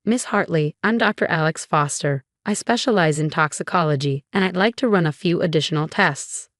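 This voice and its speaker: A woman voicing a calm, confident male doctor in a storybook reading. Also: deep voice, a little fast, dry recording, clean studio sound, natural voice.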